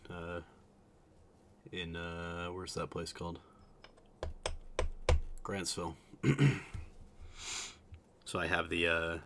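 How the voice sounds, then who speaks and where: A man's voice: deep voice, pushed and bright, a little hiss or hum. A young man from Utah with a subtle Utah accent, chatting casually to his stream in a rambling, hesitant way with lots of fillers. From Utah, USA.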